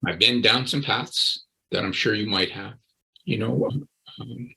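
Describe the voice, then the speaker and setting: A man's voice: lowish voice, a little slow, creaky, sharp tone, rough recording. A man in his sixties, a recovery coach, earnestly telling his personal story in an interview and often repeating his words.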